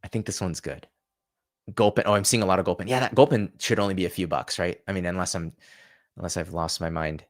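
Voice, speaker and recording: Chatty low-voiced male livestream host. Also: steady tone, fast talker. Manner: chatty, thinking aloud, many restarts. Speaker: channel host. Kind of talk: casual livestream chat.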